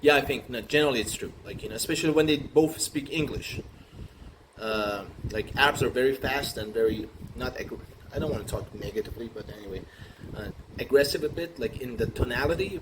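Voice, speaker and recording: Rambling man, halting improvised monologue. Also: mid-range voice. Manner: rambling, halting, full of fillers and restarts. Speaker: comedian. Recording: noisy recording with room ambience.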